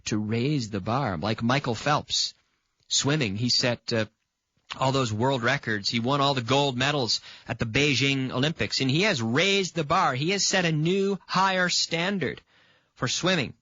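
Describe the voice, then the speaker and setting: A man's voice: medium pitch, unhurried, bright, forceful tone, no echo, dull audio. A man from Canada teaching an English grammar lesson on video. He repeats example sentences and checks in with the viewer by asking "okay?".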